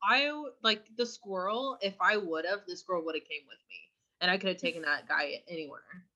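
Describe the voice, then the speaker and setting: A woman's voice: fairly low pitch, moderate pace, bright, forceful tone. A young adult woman co-hosting a casual podcast, telling stories in a chatty way and acting out quotes with little squeals. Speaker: podcast co-host. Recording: dull lo-fi sound.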